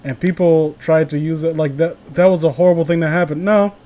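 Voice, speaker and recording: High-voiced sarcastic young man. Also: fairly even intonation, a little fast, warm tone. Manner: sarcastic, swears, laughs, mock voices for quotes. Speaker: host reading fan fiction aloud. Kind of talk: casual comedic reading and commentary.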